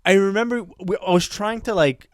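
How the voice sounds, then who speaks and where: A young man co-hosting a comedy podcast, telling stories in a lively, laughing way and acting out voices. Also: sits high, moderate pace, clear, resonant tone, dry recording. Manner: animated storyteller, laughs often, acts out voices. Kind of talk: casual chat.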